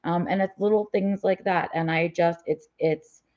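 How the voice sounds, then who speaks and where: A woman's voice: fairly low pitch, fairly even intonation, normal speed. A woman live-streaming a candid personal vlog, rambling with fillers and restarts, while fighting a migraine. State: has a migraine. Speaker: vlogger. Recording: dull lo-fi audio.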